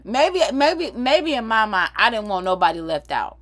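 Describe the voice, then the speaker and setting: A woman's voice: fairly high pitch, moderate pace, low-quality recording. A woman, chatting casually and animatedly on a livestream. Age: 30s. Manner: animated, swearing, laughing between stories. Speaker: livestream host. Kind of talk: casual gossip chat.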